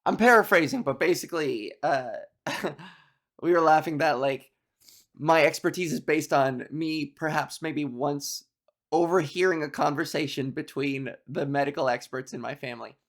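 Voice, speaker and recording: A man's voice: on the high side, normal speed, fairly bright tone. A young Canadian man, a comedian, rambling through self-mocking stories and laughing at his own jokes. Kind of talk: rambling stand-up storytelling.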